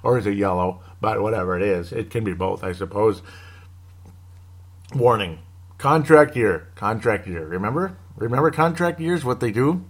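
A man's voice: on the low side, moderate pace, breathy edge. A man hosting a casual solo sports show, rambling through team news with wry asides and chuckles. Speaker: sports podcast host.

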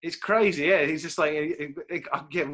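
A man who is a podcast guest, chatting in a relaxed way and stumbling over his words. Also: fairly high pitch. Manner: halting, laughing, relaxed. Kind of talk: casual interview chat.

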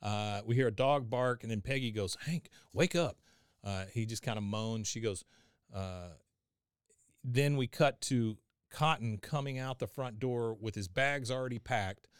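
A man recapping a cartoon episode in casual chat, animated and quick to laugh as he acts out the scenes. His voice is smooth and resonant, mid-pitched, recorded close and dry. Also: no echo. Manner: animated retelling, acts out lines, laughs often. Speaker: podcast host.

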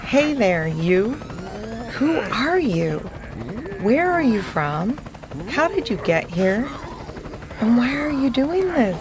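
A woman voicing a brave, flying male dog hero who speaks in a calm, commanding, coaxing way. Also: lowish voice, slow, vocal fry, full character voice. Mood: curious.

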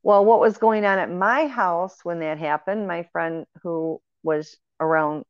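A woman with a lowish, clean-toned voice unhurriedly tells a story about her paranormal experiences. She's an earnest guest who rambles, using fillers and restarts, and the dry, lo-fi recording sounds dull.

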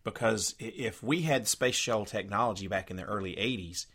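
Guy with a lowish voice hosting a podcast, rambly, reading off notes. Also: a little fast, a bit bright, husky. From United States. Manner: rambling, reads quotes aloud off notes. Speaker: podcast co-host. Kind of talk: casual chat.

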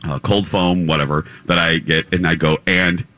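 Bright-voiced playful radio host. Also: male voice, deep voice, steady tone, normal speed. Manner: playful storyteller, joking, laughs often. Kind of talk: live morning radio chat. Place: live broadcast from a theater stage.

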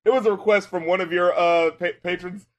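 A man with a high-pitched voice co-hosts a casual podcast about hip-hop. He swears constantly and talks in bursts, dropping low and quiet before shouting with excitement. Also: brisk. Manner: excitable and profane, swings from mumbling to shouting. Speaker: podcast co-host, music critic and rapper.

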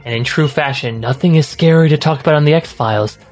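A man's voice: fairly high pitch, a little fast, darkish tone, faint music behind. A man co-hosting a podcast, talking in a loose, jokey, rambling way. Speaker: podcast co-host. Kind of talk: casual chat.

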